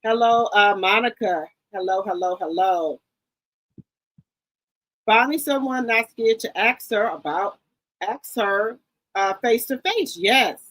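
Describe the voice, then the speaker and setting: A woman hosting a casual live stream who greets viewers by name with repeated hellos and chats in a gossipy, excitable way. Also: medium pitch, takes it slowly, long pauses, poor audio. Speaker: live-stream commentary host.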